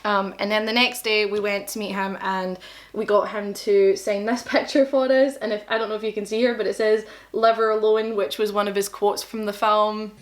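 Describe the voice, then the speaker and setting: A woman's voice: medium pitch, flat delivery, normal speed. A young woman with a Glaswegian accent, casually telling a story to camera in a self-deprecating, chatty way. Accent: Scottish, Glaswegian. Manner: chatty, self-deprecating, quotes people in dialogue. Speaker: vlogger.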